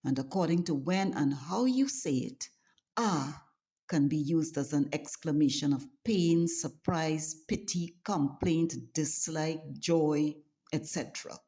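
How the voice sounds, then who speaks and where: A Trinidadian woman hosting her own channel, slowly and deliberately teaching local dialect. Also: deep voice, mellow. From Trinidad and Tobago. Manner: slow, deliberate and instructive. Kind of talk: scripted lesson narration.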